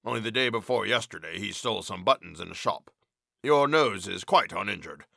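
A man voicing a short-sighted older police official with gray whiskers, speaking slowly and matter-of-factly in a storybook reading. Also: fairly low pitch, animated, creaky, bright, forceful tone, slightly rough, no room sound, clean studio sound, voice pushed down, heavily acted. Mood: calm.

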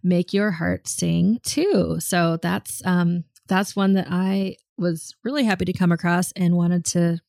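A woman co-hosts a relaxed conversation in a slightly low, gravelly voice. She thinks aloud with plenty of ums and restarts. The sound is close and dry. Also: unhurried, few pauses, dry recording. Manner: thoughtful, frequent ums and restarts. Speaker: podcast co-host. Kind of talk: casual conversational chat.

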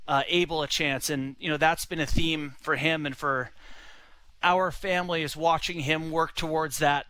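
A man's voice: on the high side, sharp tone, clear, resonant tone, rough recording. A young man telling a long personal story in a rambling, casual way, full of "you know" and "like". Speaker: son-in-law telling a story.

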